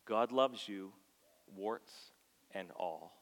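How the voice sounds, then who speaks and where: Guy preaching a sermon, pretty low voice, acts out the voices he quotes, echoey church hall. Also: drawn-out words. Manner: swings from soft near-whispers to loud passionate bursts. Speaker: pastor. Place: church sanctuary. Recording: long hall reverb.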